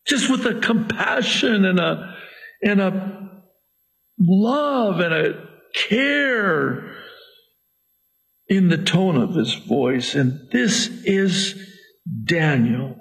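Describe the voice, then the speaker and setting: Male pastor, sermon delivery, high voice, deliberate unhurried pace, bursts of shouting. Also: lively intonation, creaky. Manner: preaching with sudden shouts and slow drawn-out emphasis.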